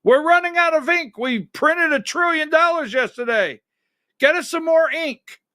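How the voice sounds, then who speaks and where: A man's voice: very high-pitched, a little slow, pushed and bright, no room sound, clean studio sound, pitched above the performer's own voice, full character voice. A man putting on the voice of a frantic worker running money-printing presses in a basement.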